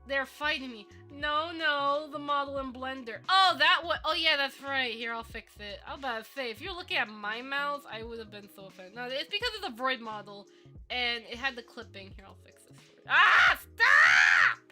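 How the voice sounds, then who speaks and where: A woman's voice: a little high, lively intonation, brisk, sharp tone, faint music behind. A woman streaming live as a VTuber while modeling in 3D, chatting playfully with giggles and mock-villain theatrics. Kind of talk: casual live stream chat.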